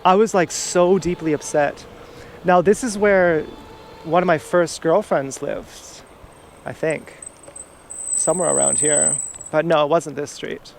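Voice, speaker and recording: A man's voice: a little high, steady tone, measured pace, vocal fry. A man telling a personal story outdoors in a rambling, confessional way, swearing freely. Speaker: vlogger. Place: outdoors in a town, walking around. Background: faint urban traffic.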